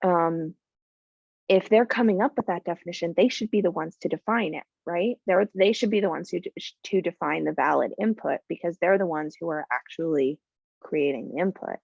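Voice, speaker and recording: A woman's voice: on the low side, moderate pace, creaky, a little mellow, slightly rough, dry recording, dull audio. A woman teaching a live coding class, thinking aloud with many fillers and talking bluntly about clients. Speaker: coding bootcamp instructor.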